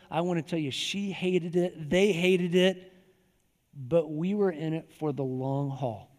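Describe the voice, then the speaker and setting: Pastor guy preaching, high-ish voice, chatty storytelling, big hall echo. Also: a little slow, a little mellow. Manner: conversational, folksy storytelling with emphatic repetition. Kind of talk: sermon. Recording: long hall reverb.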